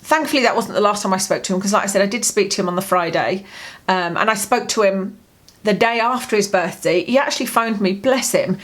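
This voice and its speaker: A woman speaking to camera from home in a personal diary vlog. Her voice sits at a middle pitch, and her storytelling is candid and rambling, looping back with plenty of fillers. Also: a little fast, a bit bright. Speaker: vlogger.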